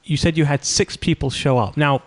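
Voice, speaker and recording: A man's voice: fairly high pitch, moderate pace. Chatty, enthusiastic male podcast host. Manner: chatty, enthusiastic, frequent reactions. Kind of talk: conversational interview.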